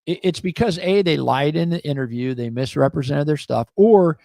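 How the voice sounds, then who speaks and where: A middle-aged man co-hosting a local talk show, speaking bluntly in animated, opinionated casual chat and acting out the people he quotes. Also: a little high, normal speed, gravelly, no room sound. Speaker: co-host and business owner.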